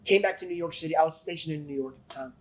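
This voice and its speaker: A man on a podcast as a guest, telling stories in an animated way with lots of swearing. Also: on the high side, very fast, low-quality recording. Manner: animated, profane storyteller who acts out quotes. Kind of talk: casual storytelling chat.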